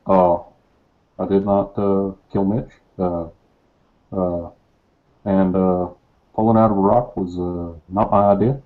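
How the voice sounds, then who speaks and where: A man doing an impression of a male president giving a speech, soft-spoken and halting, full of slow uh pauses. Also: low voice, level tone. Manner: hesitant, halting delivery. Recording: tinny phone-like call audio.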